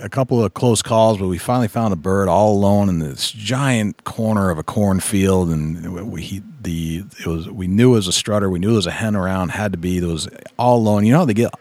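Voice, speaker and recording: A man hosting a podcast, speaking in a relaxed, affirming way as he tells a story, sometimes tripping over his words. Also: deep voice, a little fast, few pauses, dry recording. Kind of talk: casual conversation.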